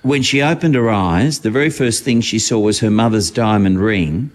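A man's voice: fairly low pitch, normal speed. A man chatting wryly on the radio as a regular showbiz correspondent. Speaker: entertainment correspondent. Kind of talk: casual radio chat.

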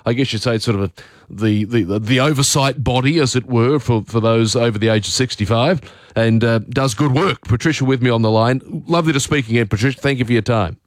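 Man, Australian accent, radio host, casual filler-heavy chat, mid pitch, dry close mic. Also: fairly quick, dry recording. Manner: conversational, with frequent fillers. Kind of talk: talkback radio interview.

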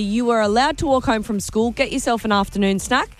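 A woman in her thirties with an Australian accent, co-hosting a chatty show, laughing often and telling lively stories. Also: fairly high pitch, a little fast. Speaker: radio co-host. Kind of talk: casual chat.

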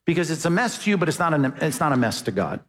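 A man's voice: on the high side, very animated, fast talker, a bit bright. A man preaching an expository sermon as a pastor, talking conversationally and often asking the congregation questions. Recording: long hall reverb.

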